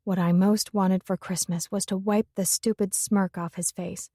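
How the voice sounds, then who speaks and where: A woman narrating a first-person romance audiobook in a measured, introspective way. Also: medium pitch, flat delivery, warm tone, no room sound, studio quality.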